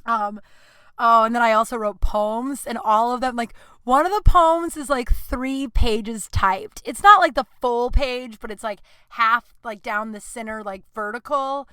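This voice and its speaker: A woman's voice: a little high, measured pace, bright, forceful tone, clear, resonant tone, no room sound. A woman in her thirties hosting a podcast, telling a personal story in a candid, chatty way, swearing freely and acting out the dialogue. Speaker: podcast host. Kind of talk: casual storytelling monologue.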